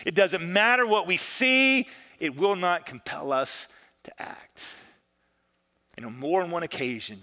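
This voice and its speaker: A male pastor delivers a sermon in a high, bright voice that pushes forward with energy. He preaches conversationally, animated and storytelling, slipping into the voices of the people in his story and surging and dropping in volume for effect. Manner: animated storytelling with dramatic shifts in loudness, acts out quoted voices; conversational, peppered with "man" and "listen".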